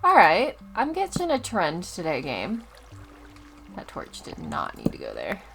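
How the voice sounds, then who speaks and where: A woman's voice: fairly low pitch, huge pitch swings, measured pace, creaky, slightly rough, faint music behind. Chatty woman narrating a cozy game. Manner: chatty, easily distracted, loud startled outbursts. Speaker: Let's Play host. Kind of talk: casual gameplay commentary.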